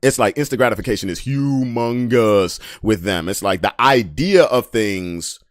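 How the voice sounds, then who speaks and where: A man in his early thirties with a fairly low voice hosts a casual podcast. He talks bluntly, muttering low asides, then rising into loud, mocking rants with short laughs. The sound is close and dry, with no room echo. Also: lively intonation, moderate pace. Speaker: podcast host reading memes. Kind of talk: casual live-stream commentary.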